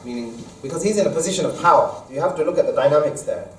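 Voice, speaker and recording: A man, an imam, leading a Quran study lesson, explaining verses at length and reciting Arabic quickly, recorded in an echoey mosque hall from a distance. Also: fairly high pitch, expressive, a little hiss or hum. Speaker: imam teaching a study circle. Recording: echoey room, mic far off.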